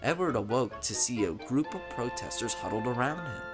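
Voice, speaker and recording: A man narrating a children's train story in an expressive, dramatic storytelling way. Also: mid-range voice, normal speed, over loud music.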